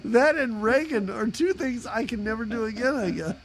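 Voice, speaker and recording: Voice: medium pitch, lively intonation, moderate pace, a little hiss or hum. A podcast co-host recapping a film in joking casual chat, laughing and trailing off mid-sentence.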